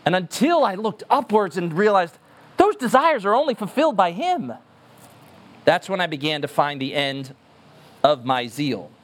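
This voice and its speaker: A man's voice: sits high, animated, normal speed. A man preaching a sermon as pastor, emphatic and earnest, repeating words for stress.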